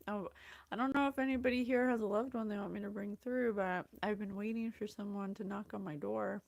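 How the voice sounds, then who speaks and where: A woman's voice: on the high side, fairly even intonation, moderate pace, vocal fry, no room sound. A woman psychic host chatting through a casual livestream reading, effusive and gushing, greeting viewers by name. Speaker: psychic reader and show host. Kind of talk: casual livestream channeling talk.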